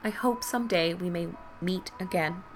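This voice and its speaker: A woman's voice: lowish voice, unhurried, slight background noise, close to an everyday voice. A woman reading a poised society lady. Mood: gracious.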